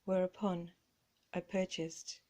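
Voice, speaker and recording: A woman's voice: on the low side, little pitch movement, slow pace. A woman with a playful, theatrical and self-mocking way of talking, showing off vintage clothes in a light-hearted chat. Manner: theatrical and self-mocking, often drops to a hush. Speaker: vlogger.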